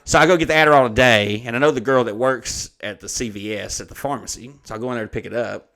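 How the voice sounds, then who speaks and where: A man's voice: medium pitch, fast, fairly bright tone. A man telling comedic anecdotes on a podcast, swearing freely and acting out the dialogue of the people in his story. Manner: profane, rambling anecdotes acting out quoted dialogue. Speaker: podcast co-host.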